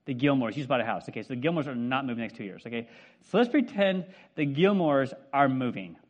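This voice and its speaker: A man's voice: medium pitch, lively intonation, fast talker, highs cut off. A middle-aged male pastor giving a casual, conversational sermon, asking his congregation questions with many fillers. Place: church hall with congregation.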